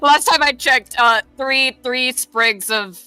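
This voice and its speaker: Bright-voiced giggly woman player. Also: high voice, slow, clear, resonant tone, dry recording, soft background music. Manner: giggly, chatty, rambling. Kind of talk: casual chat during a tabletop game.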